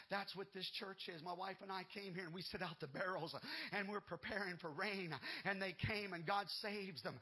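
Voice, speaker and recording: A male pastor delivering a sermon in a high, piercing voice. He repeats his phrases and rises into shouts before dropping back to quieter talk. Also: breathy edge, rough recording. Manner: shouting bursts and quieter stretches, repetitive.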